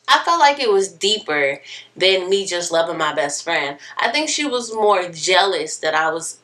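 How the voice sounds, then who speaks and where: Animated young woman telling a story. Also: fairly low pitch, moderate pace, distant mic, a little hiss or hum. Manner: animated, expressive, candid. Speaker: vlogger. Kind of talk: casual storytelling.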